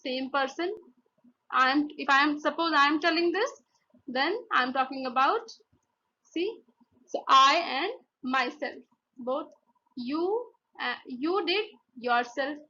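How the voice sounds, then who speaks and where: Slow, bright-voiced woman teaching grammar. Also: high-pitched, expressive, highs cut off, a little hiss or hum. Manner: slow, repeats "see here" and "okay", explains step by step. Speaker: English teacher. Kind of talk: grammar lesson over slides.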